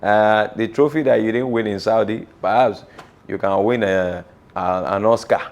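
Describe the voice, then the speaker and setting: A man with a Nigerian accent presenting a comedic sports news segment, animated and teasing, slipping into Yoruba phrases. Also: lowish voice, normal speed, vocal fry.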